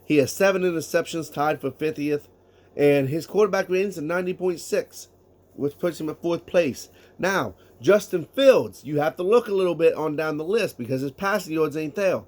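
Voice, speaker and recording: A man's voice: a little high, normal speed, a little mellow. A man giving casual solo sports talk, emphatic, reading out statistics and asking rhetorical questions. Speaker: sports commentator.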